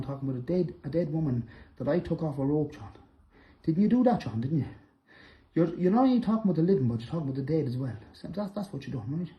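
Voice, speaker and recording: A middle-aged man, angrily calling out a rival directly to camera, accusing and repetitive, breaking into loud bursts. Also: fairly high pitch, muffled recording. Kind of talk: angry direct-to-camera callout.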